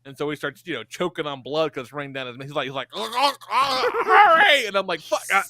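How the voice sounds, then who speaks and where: A man's voice: a little high, racing, pushed and bright, no room sound. A man co-hosting a podcast, telling a rambling story with lots of swearing and laughter. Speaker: podcast co-host. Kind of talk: casual podcast chat.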